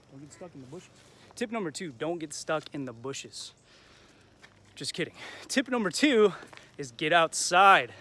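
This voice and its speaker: A man's voice: a little high, fairly bright tone. Upbeat young man vlogging on a walk. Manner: upbeat, encouraging, drops in Spanish phrases. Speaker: vlog host. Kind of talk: casual motivational vlog talk. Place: outdoors in a neighborhood, walking and biking.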